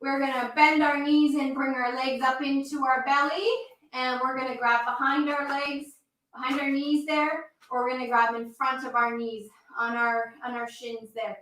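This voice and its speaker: A woman's voice: high-pitched, flat delivery, normal speed, a bit bright, recorded from a distance, a little hiss or hum. A woman leading a children's yoga story time, reading the story and coaching kids through poses with encouragement. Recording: echoey room, voice from off mic.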